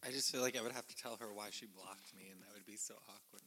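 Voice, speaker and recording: A man's voice: on the low side, steady tone, quick pace, pushed and bright, slightly rough. A man co-hosting a podcast, joking in casual chat. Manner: joking, playful. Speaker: podcast co-host.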